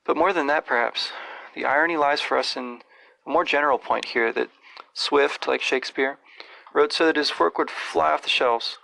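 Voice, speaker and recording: A man hosting a podcast, giving thoughtful, digressive literary commentary in a measured way. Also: fairly high pitch, vocal fry, bright, forceful tone, no echo, low-quality recording. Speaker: podcast host.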